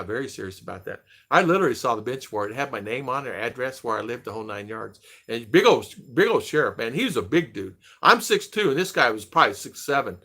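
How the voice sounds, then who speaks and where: A man's voice: mid-range voice, pushed and bright. An older man, host of a casual chat stream, rambling through a story and acting out the quoted dialogue with animation.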